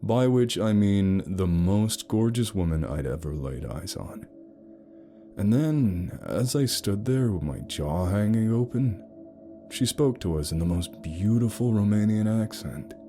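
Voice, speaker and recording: Deep-voiced male horror story narrator. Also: lively intonation, measured pace, mellow, faint music behind. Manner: wry, sarcastic storytelling.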